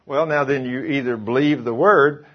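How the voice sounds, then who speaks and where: A man's voice: medium pitch, normal speed. A man preaching a sermon, telling a personal testimony in a folksy, emphatic way. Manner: folksy storytelling, drawling and emphatic. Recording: muffled lo-fi sermon recording.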